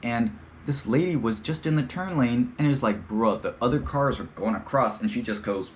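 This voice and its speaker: A man's voice: mid-range voice, moderate pace, a little hiss or hum. A young man hosting a podcast, talking in a rambling, slangy, profane casual monologue and slipping into playful impressions. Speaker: podcast host.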